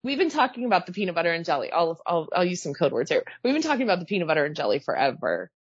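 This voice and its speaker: A woman in her thirties talks fast and animatedly on a podcast, breaking into laughter and quoting people in put-on voices. Her voice sits a little low. The sound is dry and a bit dull, close-miked. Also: husky, dry recording. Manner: animated, laughing, mimics others in quoted voices. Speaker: podcast co-host, pilot. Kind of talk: casual podcast chat.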